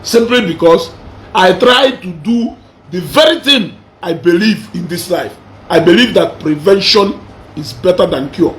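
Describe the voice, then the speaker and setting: A man's voice: high voice, a little hiss or hum. A man with a Nigerian Igbo accent, switching between Igbo and English in a mocking, combative commentary, hammering the same phrases over and over. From southeastern Nigeria. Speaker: social media commentator.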